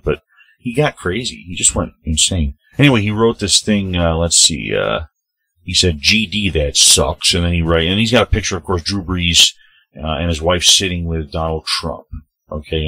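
Deep-voiced man, husky, heated preachy vlog rant, reading posts aloud, dry close sound. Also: pushed and bright, no echo. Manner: heated, preachy, addresses people directly. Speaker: channel host.

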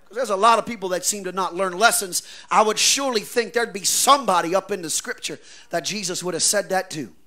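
A man preaching a revival sermon, swinging from quiet asides to shouted declarations, with a folksy preacher's cadence. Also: sits high, brisk. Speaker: pastor.

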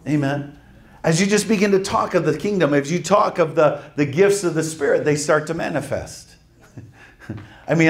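A man preaching a sermon, reading scripture and telling a lively testimony story with quick laughs and emphatic asides. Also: on the high side.

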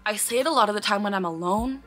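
A woman's voice: medium pitch, fast, fairly bright tone, faint music behind. A woman talking casually to camera as a vlogger, earnestly explaining, often breaking off with sudden blurted words and sighs.

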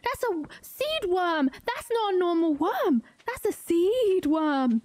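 Giggly high-voiced woman streamer. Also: slow pace, hardly any pauses, no echo. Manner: giggly, excitable, chatty. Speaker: game streamer. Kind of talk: live gameplay commentary.

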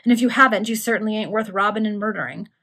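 A woman reading a gruff menacing villain. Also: mid-range voice, fast talker, bright, forceful tone. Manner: gruff, growling. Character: gruff menacing male villain, body-snatcher. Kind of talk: informal read-aloud among friends.

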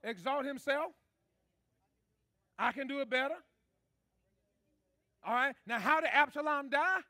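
A man preaching with a high, ringing, bright voice, trading questions and answers with his congregation. The sound is close and dry, with no room around it. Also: a little slow, dry recording. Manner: preaching with call-and-response to the congregation. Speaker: pastor. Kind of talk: sermon.

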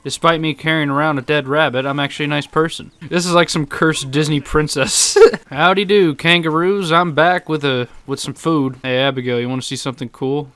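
A young man narrates his gameplay with playful jokes and frequent laughter. His voice is bright and forceful, and it sits a little high. He yelps and groans through his mishaps. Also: little pitch movement, brisk, few pauses. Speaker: gaming YouTuber. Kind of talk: let's-play commentary.

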